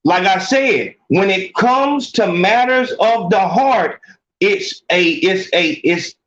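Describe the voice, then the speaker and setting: A man hosts a call-in podcast with a high voice, cursing freely and repeating himself as he talks. The room sounds echoey, and the recording is dull and muffled. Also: slow pace. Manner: animated, profane, repeats and restarts often. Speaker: podcast host taking calls. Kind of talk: casual call-in advice talk.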